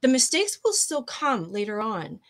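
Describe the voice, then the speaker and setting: A woman's voice: on the high side, very animated, normal speed, a bit bright. A woman guest coach explaining ideas in a casual interview, tripping over her words and laughing at herself.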